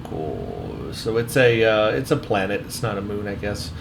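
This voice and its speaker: A man's voice: on the low side, huge pitch swings, measured pace, gravelly, noisy background. A man casually commenting on a video game as he plays, reading the game text aloud. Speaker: let's play host.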